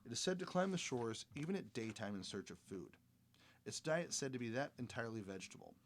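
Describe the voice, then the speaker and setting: A man's voice: mid-range voice, animated, a little hiss or hum. Man casually reading research aloud, stumbling. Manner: halting reading, stumbles and self-corrections. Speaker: podcast host.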